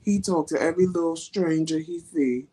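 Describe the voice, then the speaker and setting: A co-host adds short, dry comments to a relaxed conversation. The voice sits at a mid pitch and stays easygoing. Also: moderate pace, rough recording. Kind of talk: casual chat.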